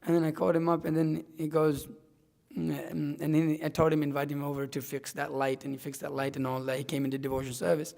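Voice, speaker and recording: A man's voice: on the high side, flat delivery, quick pace, gravelly, darkish tone. A young man sharing a casual, heartfelt testimony at a scripture class, rambling with many likes and restarts. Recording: long echoey hall reverb.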